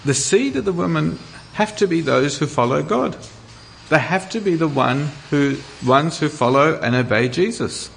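Male preacher, sermon delivery, animated rises and falls in pitch, frequent stammered restarts. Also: normal speed, creaky, slight background noise. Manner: lively, many small restarts and stammers, rhetorical questions.

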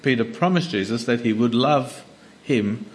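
A man preaching a sermon in a conversational way, stumbling over restarts and slowing down to read scripture aloud. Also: mid-range voice.

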